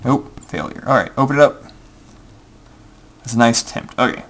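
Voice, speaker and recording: A man's voice: medium pitch, lively intonation, moderate pace. A young man telling a rambling story full of ums while playing a game and muttering his next moves. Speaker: gameplay video creator. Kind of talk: casual storytelling over gameplay.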